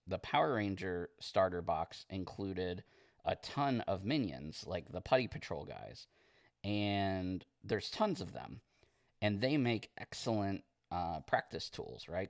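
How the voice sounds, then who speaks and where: A man streaming as he paints miniatures, chatting casually in a relaxed, rambling way and reading viewer comments aloud. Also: low-pitched, dry recording, studio quality. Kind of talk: casual livestream chat while painting.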